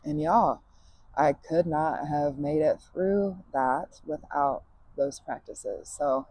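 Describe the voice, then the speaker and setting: A woman's voice: sits low, slow pace, a little mellow, a little hiss or hum, poor audio. A woman hosting a podcast monologue outdoors in her backyard, speaking candidly and emphatically, swearing freely and laughing often. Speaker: podcast host.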